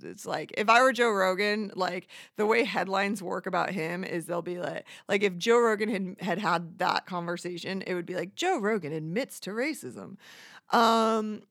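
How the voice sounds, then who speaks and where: A woman's voice: mid-range voice, moderate pace, creaky, hardly any pauses, fairly bright tone, no echo, studio quality. A woman ranting in a casual, profane, rambling way, self-deprecating and acting out other people's voices as she goes. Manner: acts out quoted voices. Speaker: monologuist. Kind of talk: casual rant.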